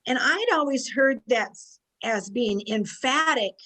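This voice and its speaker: Study group member, female, slightly high voice, casual and searching. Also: lively intonation, measured pace, sharp tone, rough recording. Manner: searching, conversational, trails off.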